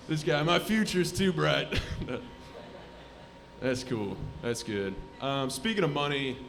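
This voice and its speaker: Deadpan young man doing stand-up. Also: fairly high pitch, a little hiss or hum. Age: 20s. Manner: deadpan, mutters asides then bursts into shouted voices. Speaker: stand-up comedian. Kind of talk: live stand-up set. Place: comedy club stage.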